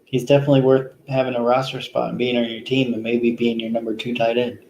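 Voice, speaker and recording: A man hosting a solo fantasy football show, talking casually and rambling with plenty of pauses, tired after a long day. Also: mid-range voice, level tone, a little mellow, lo-fi sound, slight background noise. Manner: rambling, lots of ums and restarts, easygoing. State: tired, yawning. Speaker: fantasy football podcast host.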